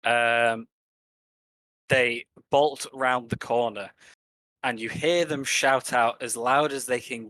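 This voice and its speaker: A man at mid pitch narrates a fantasy game as its game master. His delivery is measured and descriptive. The recording is dry and close, with no room sound. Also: steady tone, a bit bright, no echo, low-quality recording.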